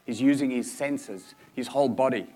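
A man's voice: mid-range voice, normal speed, warm tone. A man preaching a sermon in an earnest manner, repeating key points for emphasis.

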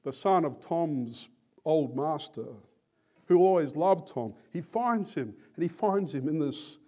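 A man preaching a sermon in an earnest, deliberate and emphatic manner. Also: a little high, animated, warm tone.

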